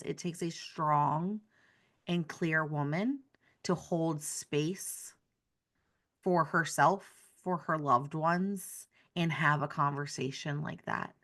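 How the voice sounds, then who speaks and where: A woman's voice: low-pitched, fairly bright tone. A woman hosting a podcast interview, enthusiastic and affirming, with frequent "like" fillers as she talks through ideas. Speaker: podcast host. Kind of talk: candid conversational interview.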